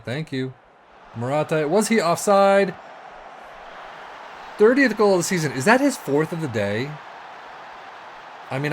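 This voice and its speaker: A man giving excitable, exasperated let's-play commentary on a football management game, swearing and talking to himself as the match goes. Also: fairly high pitch, slight background noise. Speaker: video game streamer.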